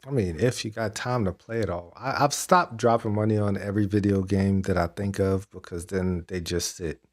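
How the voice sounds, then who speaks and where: Low-voiced man rambling on a podcast. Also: normal speed. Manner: rambling, many restarts and fillers. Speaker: podcast co-host. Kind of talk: casual wrestling chat.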